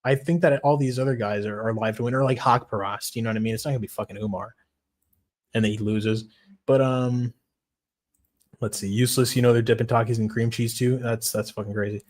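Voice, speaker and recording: Foul-mouthed excitable male streamer. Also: mid-range voice, a little fast. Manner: profane, excitable, reads chat aloud. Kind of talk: casual livestream chat.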